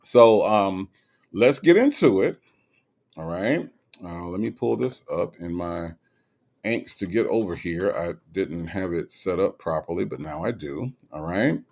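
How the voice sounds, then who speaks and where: A man's voice: low-pitched, unhurried, vocal fry. A man hosting a livestream in a casual, teasing way. He reads viewer comments aloud and often checks in with "okay?" and "all right?". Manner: animated and teasing, with many "okay?" asides. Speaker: livestream host.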